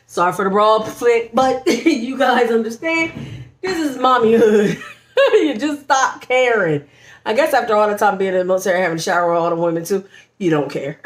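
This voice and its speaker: A woman's voice: fairly high pitch, expressive, brisk, reverberant. A young woman vlogger chatting casually at home about her pregnancy, bubbly and talkative, laughing often and saying y'all. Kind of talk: casual pregnancy vlog chat.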